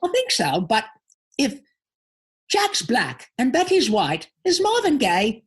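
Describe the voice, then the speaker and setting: Pinky, a squeaky goofy cartoon mouse. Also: male voice, wildly swooping pitch, slow pace, husky, exaggerated voice. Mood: silly. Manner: squeaky, silly non sequiturs. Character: goofy, dim-witted male lab mouse. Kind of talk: cartoon character voice.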